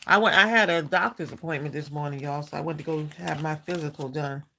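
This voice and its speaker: A woman's voice: deep voice, quick pace, sharp tone, slight background noise. A woman hosting a live crafting stream, chatting casually with viewers, greeting them by name and saying "y'all" a lot. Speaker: craft livestream host.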